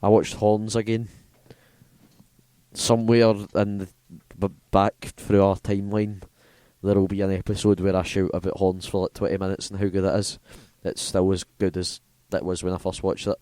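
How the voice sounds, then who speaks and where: A man with a low, mellow voice, chatting about films with friends on a podcast. He is enthusiastic and swears casually, recorded dry and close. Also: little pitch movement, normal speed, no echo. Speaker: podcast co-host. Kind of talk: casual chat.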